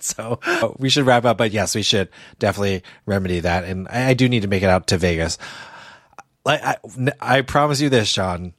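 A man's voice: on the low side, brisk, no echo, clean studio sound. A man co-hosting a podcast, casual and laid-back, often rambling and correcting himself. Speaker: podcast co-host. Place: home setup, Boston area.

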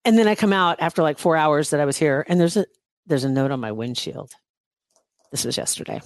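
A woman's voice: low voice, brisk, no room sound. Chatty woman, wry and kinda exasperated, laughs a lot, dry close sound. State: recovering from knee surgery. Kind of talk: casual chat.

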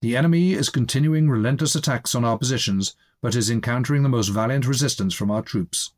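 A man reading the words of a confident wartime radio newsreader in a storybook reading, with a full, calm delivery. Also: mid-range voice, fast, natural voice.

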